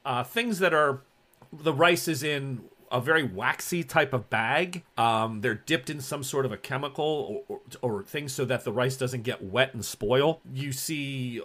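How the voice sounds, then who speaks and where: A man's voice: mid-range voice, a little slow, a bit bright. Rambling male game master. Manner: rambling descriptive narration with many fillers. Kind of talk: narrating a tabletop role-playing game.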